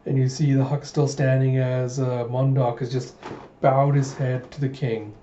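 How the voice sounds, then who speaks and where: A man's voice: mid-range voice, level tone, moderate pace, mellow, a little hiss or hum. Chatty young man narrating a read-through. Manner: chatty, recaps the story loosely. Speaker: manga reader, video host. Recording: dull roomy home recording.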